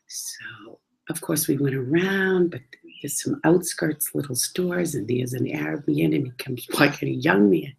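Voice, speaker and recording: This travel storyteller has a deep, husky, somewhat mellow voice with vocal fry, and she speaks a little slowly; the audio is poor. Her talk is casual and chatty, full of laughter, with the quoted voices acted out.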